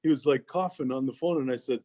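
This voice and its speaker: A man's voice: medium pitch, fast talker. A man co-hosting a casual chat, telling rambling stories and swearing constantly. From Canada. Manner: profane, animated storyteller, swears constantly. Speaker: podcast co-host.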